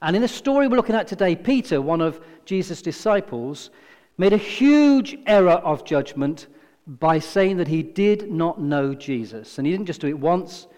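A man delivering a sermon, his voice sitting high and carrying a long hall reverb. He retells scripture with lively storytelling, voicing the characters and repeating key phrases for emphasis. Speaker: preacher.

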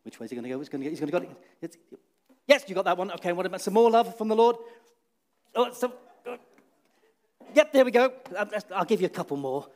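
A man with a slightly raised voice leads a children's talk in a church hall. He tells the story with restarts and hesitations, lifts his voice for dramatic moments and sinks low and quiet for the solemn ones. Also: lively intonation, fast, long pauses. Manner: storytelling with many restarts, dramatic rises and hushed drops. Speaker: preacher.

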